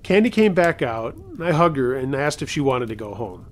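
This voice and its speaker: A man's voice: medium pitch, big pitch swings, moderate pace. A man reading submitted true scary stories aloud in a conversational way, with wry asides.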